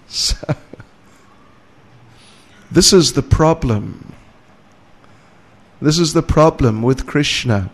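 A man giving a scriptural lecture, retelling a story and reading verses with rising emphasis, with light chuckles. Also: mid-range voice. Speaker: spiritual teacher.

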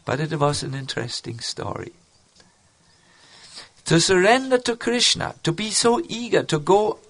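Slow, gravelly-voiced male storyteller. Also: sits high, fairly bright tone, no echo. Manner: halting, many fillers and restarts. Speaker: spiritual speaker. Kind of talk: sermon storytelling.

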